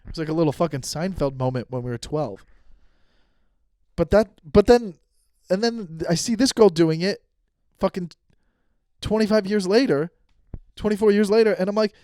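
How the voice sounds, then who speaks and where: A man in his thirties tells a long personal story on his podcast. He swears freely and acts out his own quotes with energy. His voice sits a little high and comes across dry and close. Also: expressive, moderate pace, pauses often, warm tone, no room sound. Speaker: podcast host. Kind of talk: casual storytelling monologue.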